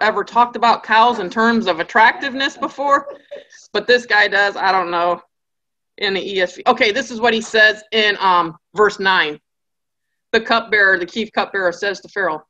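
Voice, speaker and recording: A woman's voice: mid-range voice, normal speed, pushed and bright, lo-fi sound. A woman giving a conversational Bible study lecture, with joking asides and acted-out characters.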